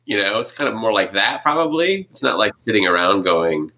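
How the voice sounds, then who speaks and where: A man with a very low voice and a bright, forceful edge. He talks casually and thinks aloud, circling back and restarting his sentences as he works through a Bible story. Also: very animated, a little fast. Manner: thinking aloud, hesitant, restarts, acts out quotes. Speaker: podcast co-host discussing scripture. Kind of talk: casual conversation.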